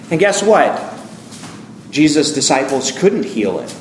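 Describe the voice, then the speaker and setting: A man's voice: a little high, big pitch swings, unhurried, long pauses, roomy sound, slight background noise. A man preaching a sermon as pastor, reading scripture aloud and acting out the quoted voices with feeling.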